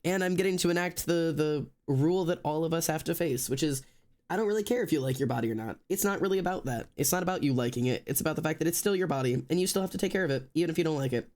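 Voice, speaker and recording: Laid-back young man with a higher voice. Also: racing, a little mellow. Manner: rambling, loose, many fillers and restarts. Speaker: streamer drawing live. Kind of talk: casual chat with stream viewers. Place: indoors at home.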